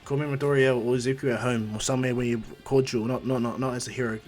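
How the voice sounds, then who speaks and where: A man's voice: medium pitch, steady tone, fast, darkish tone, soft background music, natural voice. Guy doing a chill teen boy superhero, upbeat, kinda cocky. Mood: breezy. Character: cheerful confident teenage boy superhero.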